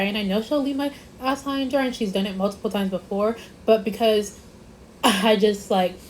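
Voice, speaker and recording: A woman's voice: mid-range voice, darkish tone, a little hiss or hum, rough recording. A young woman vlogger telling a casual storytime, rambling with lots of "like" and stressing her points. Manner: rambling, repeats herself, lots of "like".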